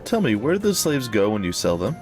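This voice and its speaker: Dry, sardonic young swordswoman read by a man, lively pitch. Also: a little fast, soft background music, natural voice. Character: young female sword-fighter heroine, dry and tough.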